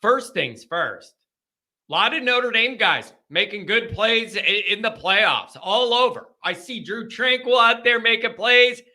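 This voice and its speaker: A man hosting a live call-in stream talks straight to his viewers in a loose, rambling chat. His voice sits high for a man and has a bright, forceful edge. He sounds candid and unscripted. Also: expressive, measured pace. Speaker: live-stream show host.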